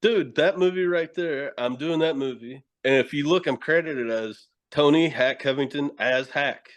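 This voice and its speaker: A man's voice: on the high side, moderate pace. Laughing Tennessee man telling stories. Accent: Southern US, Tennessee. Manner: loud, profane storytelling, laughing often. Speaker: horror host and actor. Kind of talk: casual podcast chat.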